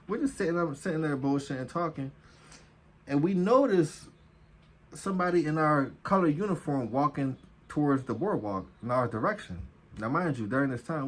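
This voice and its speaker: A man's voice: medium pitch, a bit bright. A man from New telling a casual, profane, slang-heavy story as a vlogger. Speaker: vlogger, former officer.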